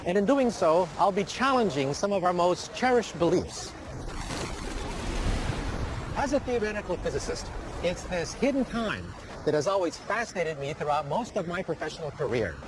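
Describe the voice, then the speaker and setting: Older man, animated documentary narration. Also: sits high, moderate pace, background noise. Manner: dramatic, emphatic delivery. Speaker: documentary presenter. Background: background music.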